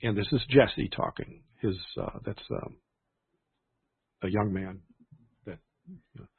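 A man's voice: fairly low pitch, measured pace, vocal fry, husky, dry recording. A man hosting a church livestream in a casual, rambling way, often restarting his sentences. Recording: tinny phone-like sound.

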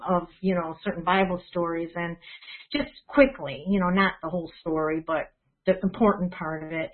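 A woman tells her church a personal testimony, stumbling through false starts. Her voice comes through a thin, phone-like line. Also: lowish voice. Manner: hesitant, many restarts and fillers. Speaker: church member sharing praises. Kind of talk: casual testimony.

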